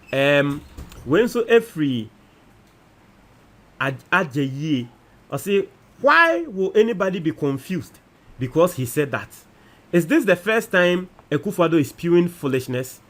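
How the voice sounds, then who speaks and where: Animated Ghanaian man reading comments. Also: a little high. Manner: animated, switches between Twi and English. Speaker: news show host reading viewer comments.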